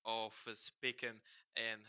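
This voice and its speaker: A man chatting casually with hesitant, halting speech full of fillers and repeats. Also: fairly low pitch, little pitch movement, sharp tone, clean tone, no echo. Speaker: host questioning a chatbot. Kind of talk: casual chat.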